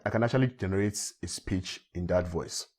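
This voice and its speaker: A man from Africa walking viewers step by step through a software tutorial, often repeating himself. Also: low-pitched, brisk. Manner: steady step-by-step walkthrough, repeats phrases. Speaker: tech tutorial host. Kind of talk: screen-recorded software tutorial.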